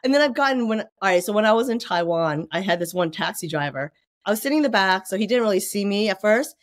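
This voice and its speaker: Lively storytelling woman, dry sound. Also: mid-range voice, fast, no echo. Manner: lively storyteller who acts out quoted voices. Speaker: guest, children's book author. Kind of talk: casual podcast interview.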